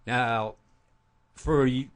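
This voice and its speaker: A man co-hosting in the studio, reading news in a halting way with many uhs. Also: medium pitch, fairly even intonation. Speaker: studio co-host. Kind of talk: news chat on talk radio.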